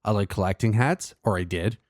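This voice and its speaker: A man's voice: fairly low pitch, a little fast, no echo, clean studio sound. A man hosting his own show in a casual monologue, ranting with sarcasm and profanity. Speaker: podcast host.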